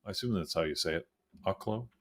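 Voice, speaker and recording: A man's voice: mid-range voice, animated, normal speed, a bit bright. A man hosting a live trading show, talking through stock moves in a loose, thinking-aloud way with plenty of fillers. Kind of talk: live market commentary.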